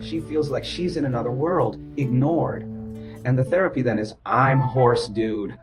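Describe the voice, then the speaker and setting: A man's voice: mid-range voice, moderate pace, music in the background, rough recording. Emphatic man who repeats himself. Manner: repetitive, emphatic, chants rhythms aloud. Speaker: therapist. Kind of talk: explaining to a client.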